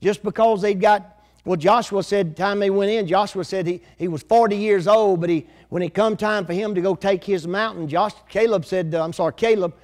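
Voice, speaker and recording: A man's voice: high voice, normal speed, darkish tone. An older man preaching a sermon in a folksy, conversational way.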